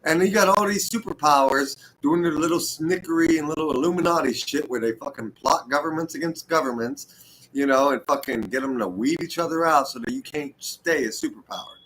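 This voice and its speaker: A man's voice: fairly high pitch, a little fast, fairly bright tone, slight background noise, poor audio. A man ranting to camera in a casual, heated, profanity-laced ramble. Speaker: vlogger.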